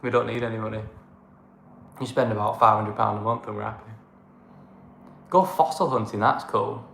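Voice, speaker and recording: Here the northern English travel channel co-host is creaky and a bit bright, pitched on the low side, with a steady tone and moderate pace. Blunt and fond of a rant or a moan, he chats casually on a livestream in his northern accent, from an echoey room with a little hiss or hum.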